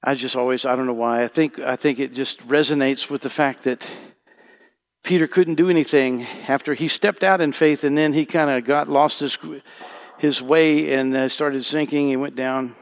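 A man preaching a sermon as pastor, shifting from hushed prayer to loud fervent calls to the congregation. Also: medium pitch, fairly even intonation, normal speed.

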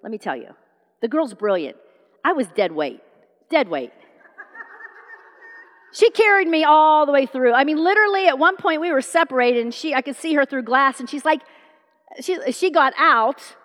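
A woman's voice: sits high, normal speed, long pauses, in a large hall. A middle-aged woman preaching a sermon, telling stories and acting out the dialogue. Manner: animated storytelling, acting out dialogue.

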